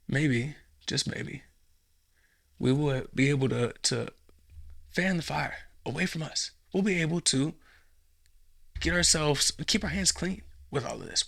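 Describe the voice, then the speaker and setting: A man's voice: a little high, vocal fry, sharp tone. A man hosting a comedy podcast, delivering a profane, rambling monologue and acting out scenes.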